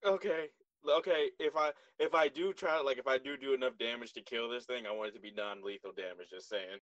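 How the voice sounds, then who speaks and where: A laid-back man playing a tabletop game who chuckles as he describes what he does. His voice is bright, and it is recorded close up and dry. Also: medium pitch, brisk, dry recording, lo-fi sound. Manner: laid-back, jokey, laughs while describing actions. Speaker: player. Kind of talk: casual tabletop play.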